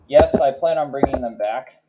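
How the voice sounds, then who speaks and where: A man hosting a reaction video, naming car models one by one in a slow, matter-of-fact way. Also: medium pitch, loud music behind the voice, rough recording. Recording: clear background noise with clicks.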